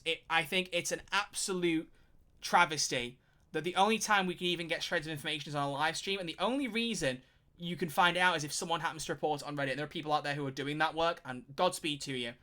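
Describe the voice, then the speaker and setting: A streamer rattles through his thoughts at a quick clip, his voice sitting a bit high and sounding bright and sharp. He's animated and rambling, with swearing dropped in casually. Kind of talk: casual live-stream commentary.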